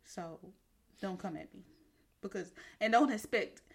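A woman's voice: mid-range voice, unhurried, gravelly, slightly rough. A woman on a podcast, ranting comically and with emphasis, swearing and laughing as she goes. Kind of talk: comedic rant.

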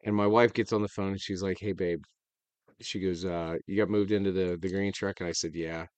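A man, hosting a casual chat and telling a profane, animated story with acted-out quotes. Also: low voice, brisk, clear, resonant tone, no echo. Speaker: podcast host.

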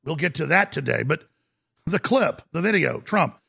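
A man's voice: on the high side, lively intonation, normal speed, creaky, bright, forceful tone, breathy edge. A man hosting a talk radio show, delivering an indignant, mocking rant. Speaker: radio host.

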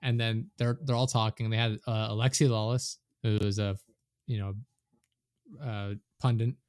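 A man's voice: fairly low pitch, normal speed, no room sound. Guy rambling about soccer in casual chat, dry close mic, gets worked up n swears. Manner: rambling, animated when annoyed, swears.

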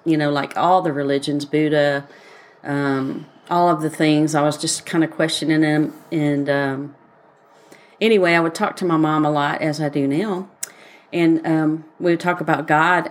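Southern woman podcast host, relaxed rambling faith chat, sits a little low. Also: normal speed. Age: adult, grown daughter. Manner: rambling, personal storytelling with many fillers.

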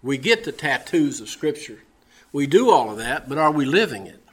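A man's voice: medium pitch, sing-song, moderate pace, slightly rough. A man preaching a sermon, telling a personal story in a folksy, storytelling way, often repeating his words as he goes. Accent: Southern American.

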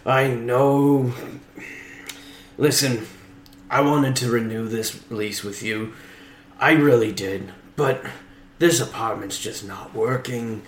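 A man co-hosting a comedy podcast, improvising scenes with theatrical, drawn-out exclamations. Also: mid-range voice, reverberant, a little hiss or hum. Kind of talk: improvised comedy role-play.

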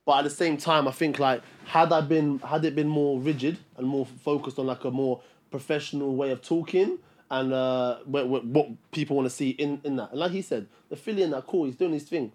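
Young man, podcast co-host, mid-pitched, halting and full of restarts in casual debate. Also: a little mellow. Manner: hesitant, many restarts.

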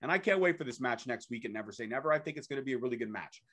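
A young man co-hosting a podcast, eagerly recapping events in a casual, hurried play-by-play chat. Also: mid-range voice, expressive, a bit bright, breathy edge. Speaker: podcast co-host.

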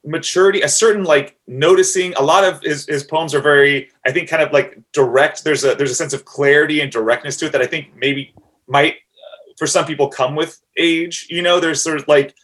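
A man's voice: on the high side, steady tone, fairly quick, a bit bright. A man in casual podcast conversation, talking hesitantly with frequent laughs. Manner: hesitant, many fillers and restarts, laughs often. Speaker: podcast co-host. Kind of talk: casual chat.

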